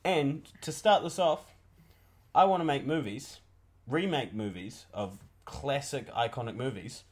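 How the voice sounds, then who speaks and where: A man playing a brash, swearing young wannabe film director who pitches himself to a panel. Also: lively intonation, natural voice. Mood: pitching. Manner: swears a lot, quick to take offence. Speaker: podcast co-host.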